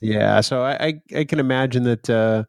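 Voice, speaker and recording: A man co-hosting a podcast in casual banter, teasing his partner and quick to laugh. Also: medium pitch, gravelly, smooth, no room sound. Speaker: podcast co-host.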